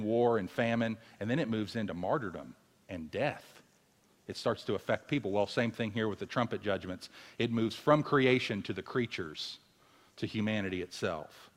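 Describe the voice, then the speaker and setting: A man's voice: medium pitch, fairly bright tone. Emphatic male preacher in a reverberant hall. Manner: emphatic, repeats words for force. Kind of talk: sermon.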